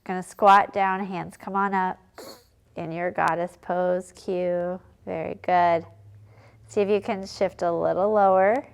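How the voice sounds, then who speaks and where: Slow, calm woman leading kids' yoga. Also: fairly low pitch. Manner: calm, encouraging, clear step-by-step cues. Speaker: kids yoga instructor. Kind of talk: guided yoga lesson for children.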